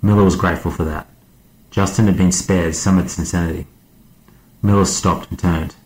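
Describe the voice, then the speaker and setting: A man narrating an audiobook as a guest reader, in a measured, steady way. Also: deep voice, roomy sound, rough recording.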